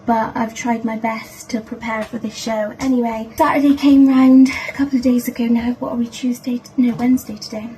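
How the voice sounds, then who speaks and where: A woman's voice: fairly high pitch, level tone, fairly quick, hardly any pauses, warm tone, a little hiss or hum, poor audio. A woman in her thirties recapping an event in a vlog, emotional and gushing, rambling with restarts. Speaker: vlogger.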